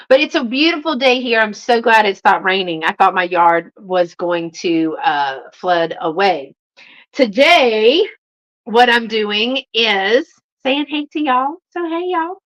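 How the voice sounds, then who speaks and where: Streaming live on YouTube from home, a Southern US woman greets her viewers by name in casual, filler-heavy chat. She has a medium-pitched, fairly bright voice, sounds a little flushed from a walk, and the recording is dull.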